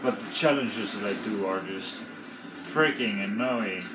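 A young man doing let's play commentary, excitable, swearing and breaking into panicky outbursts. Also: lowish voice, takes it slowly. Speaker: gamer. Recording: roomy room with game music.

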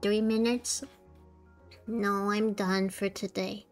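A woman streamer in a casual chat with her live chat, tired and with a sore throat, soft-spoken and laughing often. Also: medium pitch, level tone, slow, soft background music. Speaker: VTuber streamer.

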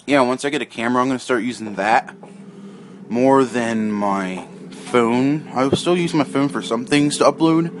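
A man vlogging casually in a groggy morning voice, rambling offhand and clearing his throat often, recorded on a phone indoors. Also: mid-range voice, unhurried, pauses often, noisy background. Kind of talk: casual vlog chat.

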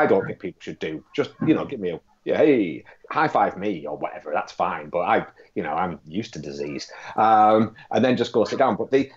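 A man's voice: fairly low pitch, muffled recording. A man working as a casting director, telling anecdotes in a chatty way with lots of fillers over a video call. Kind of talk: casual chat.

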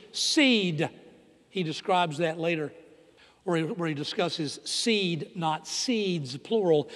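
A middle-aged man preaches from the pulpit, dropping into hushed, intimate asides and then rising into loud, emphatic declarations. His voice sits high for a man. The sound carries the long reverb of a church sanctuary. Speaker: pastor. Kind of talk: sermon.

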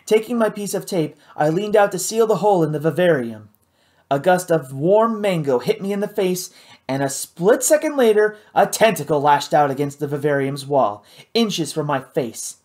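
An audiobook reader narrating a novel in the first person, measured and expressive. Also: medium pitch.

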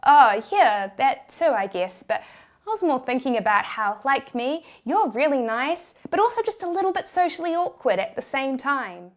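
A woman's voice: high-pitched, big pitch swings, moderate pace. A woman with a New Zealand accent voicing a candid, offhand male business mentor.

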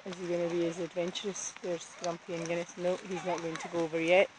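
The recording, made outdoors by a river in the woods and noisy, comes from the handheld camera a dog daycare owner uses to film the dogs she walks. Speaking quickly in a lowish voice, she keeps up an excited running commentary, cooing and calling to them.

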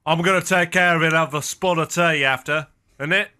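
A guy faking a cocky english bloke, exaggerated put-on accent, voice pushed a bit higher and bright. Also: brisk, smooth. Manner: exaggerated, jokey.

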